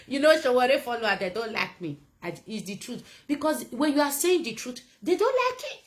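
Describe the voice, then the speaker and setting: A woman's voice: on the high side, big pitch swings, moderate pace, low-quality recording. A woman with a Nigerian accent giving a casual political rant to camera, blunt and emphatic and repeating her points. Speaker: political commentator.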